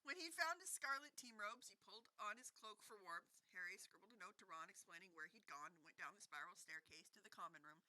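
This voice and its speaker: Bright-voiced woman reading aloud. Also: mid-range voice, expressive, fast, few pauses, poor audio. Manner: reads aloud and breaks off into laughing banter. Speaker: book club reader. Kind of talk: casual read-aloud with commentary.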